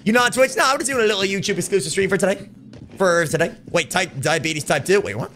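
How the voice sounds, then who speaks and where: A man's voice: sits high, fast talker, faint music behind. A man with an Irish accent, live-streaming a shooter game and joking and swearing as he reads chat aloud. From Ireland. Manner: loud, joking, swears freely, shouts at the game.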